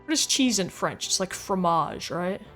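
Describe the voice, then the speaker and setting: A woman's voice: mid-range voice, big pitch swings, moderate pace, fairly bright tone, soft background music. A woman chatting casually with her livestream chat while playing a game, goofy and talkative, reading comments aloud. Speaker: game streamer.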